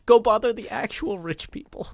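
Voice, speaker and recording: A man's voice: high voice, lively intonation, moderate pace, gravelly, dry recording. A man in his thirties, a streamer, chatting casually with a co-host while they build in a game, dry and self-deprecating in his jokes. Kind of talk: casual chat while gaming.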